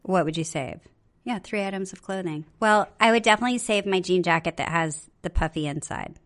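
A woman co-hosting a casual podcast who reads out listener questions and answers them in a chatty, playful way. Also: fairly low pitch. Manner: chatty, playful, quick to joke. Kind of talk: casual chat.

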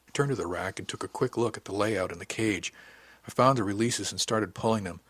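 A man narrating an audiobook in steady, matter-of-fact first-person storytelling. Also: lowish voice, brisk, no room sound.

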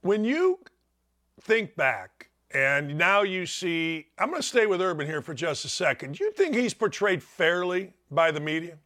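A man hosting an interview, asking questions in an animated, emphatic way. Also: high voice, measured pace. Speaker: host. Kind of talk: casual interview talk.

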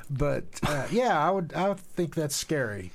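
A man's voice: fairly high pitch, very animated, measured pace, creaky. A man co-hosting a casual chat, cracking crude jokes and laughing. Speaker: co-host.

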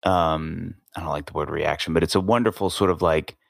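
A man's voice: low-pitched, fairly even intonation, fairly quick, gravelly, dry recording, clean studio sound. A middle-aged man hosting a podcast, talking casually and rambling with fillers as he works through his thoughts. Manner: rambling, thinks aloud with fillers. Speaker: podcast host. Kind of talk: casual interview chat.

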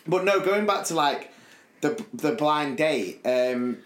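A man's voice: fairly high pitch, slow pace, echoey room. A man co-hosting a podcast, telling a story in casual chat and acting out the people in it. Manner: animated, quotes friends in put-on voices, laughs often. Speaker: podcast co-host.

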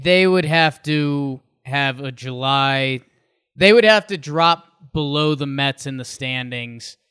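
Man, podcast co-host, casual sports talk, bright voice, smooth tone, rambling. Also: mid-range voice. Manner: rambling, animated, many restarts.

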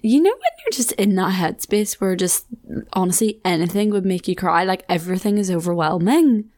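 A young woman with a southern Irish accent, hosting a podcast in casual chat, laughing often and adding quick asides. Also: mid-range voice, lively intonation, darkish tone. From Ireland. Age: 20s. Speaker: podcast host.

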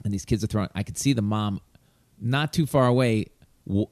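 A man hosting a casual talk show, briskly leading the talk and handing turns to his co-hosts. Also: lowish voice, a little mellow, no echo. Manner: brisk, leads the talk and hands the turns to others. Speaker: host. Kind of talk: casual chat.

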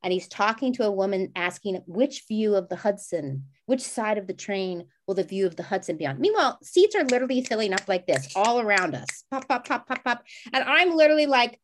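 A woman in her forties co-hosting a podcast, telling a personal story in a rambling, animated way and acting out quoted voices. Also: a little fast, few pauses. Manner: animated, acts out quoted voices with big pitch jumps; rambling with frequent restarts and "like". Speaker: podcast co-host. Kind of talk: casual chat, personal storytelling.

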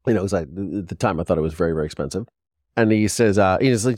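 A man in his forties, a podcast host, telling a casual rambling story with quick restarts and lively quoted voices. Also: sits low, no echo, clean studio sound.

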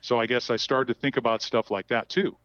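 A man giving a candid, halting account of personal events as a podcast guest, often repeating words as he goes. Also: medium pitch, steady tone, a bit bright, dry recording, muffled recording. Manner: halting, repeats words while telling a story.

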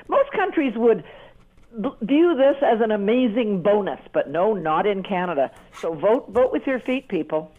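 A woman urgently exhorts listeners as a panelist on a talk show. Her voice is squeezed through a thin, tinny phone line. Her pitch is middling for a woman. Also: expressive, moderate pace.

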